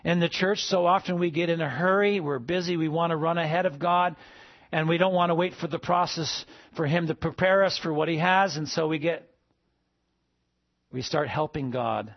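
A man preaching a sermon to a congregation, rising to emphatic peaks and then dropping soft. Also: a little high, moderate pace, no echo, lo-fi sound. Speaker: pastor.

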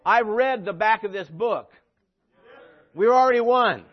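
Male pastor, high voice, emphatic sermon delivery with sarcastic asides; muffled lo-fi audio. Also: a little slow. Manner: preachy, rising to emphatic peaks, dry sarcastic asides.

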